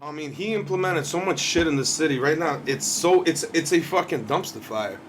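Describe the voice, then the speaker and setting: A man's voice: a little high, fairly quick, fairly bright tone. A man, a podcast co-host ranting heatedly in casual profane chat, often laughing. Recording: distant mic, faint background noise.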